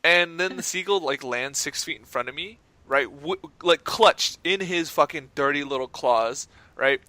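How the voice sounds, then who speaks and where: A man's voice: fairly high pitch, normal speed, sharp tone, no room sound. A young man co-hosting a podcast, telling stories in rambling casual chat and swearing freely. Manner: rambling storyteller, swears a lot, frequent "like" and "right?". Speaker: podcast co-host.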